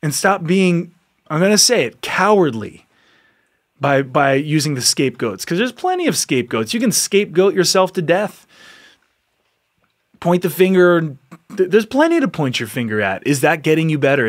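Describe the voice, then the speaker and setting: A man with a fairly high speaking voice hosts a podcast and delivers a passionate motivational monologue straight to his listeners. He exhorts them earnestly, repeats his words as he builds momentum, and breaks into laughter now and then. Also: sing-song, normal speed. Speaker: podcast host.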